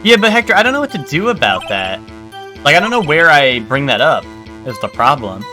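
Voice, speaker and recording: A man streaming a courtroom game live, casually musing and thinking aloud in a lively way. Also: on the high side, brisk. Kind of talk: live let's-play commentary. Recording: game music behind.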